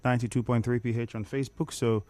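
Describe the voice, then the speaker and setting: A man's voice: mid-range voice, level tone, quick pace, a little mellow. A Nigerian man hosting a radio talk show, reading out listener comments and lecturing callers with emphatic repetition. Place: radio studio. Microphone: studio microphone.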